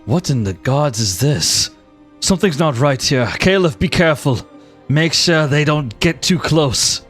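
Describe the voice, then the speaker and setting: A man voicing a protective fighter who talks low, quick and smooth. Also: faint music behind, close to an everyday voice. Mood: alarmed. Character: protective young man guarding his love.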